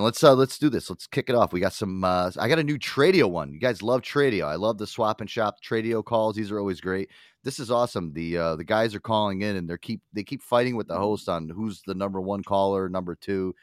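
A man's voice: low voice, expressive, fairly quick, dry recording, clean studio sound. A man hosting a podcast, rambling casually with swearing and frequent laughs. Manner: rambling, profane, laughs easily. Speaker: podcast host. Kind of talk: casual chat.

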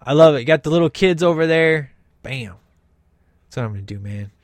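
A man's voice: on the high side, animated, a little fast, no room sound. A man talking through a film in casual commentary, enthusiastic and emphatic with lots of slang.

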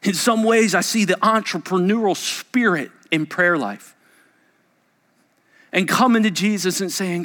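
Bright, emphatic male pastor preaching. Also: sits high, unhurried. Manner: emphatic, repetitive, swings between loud and hushed. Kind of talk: sermon. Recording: echoey church hall reverb.

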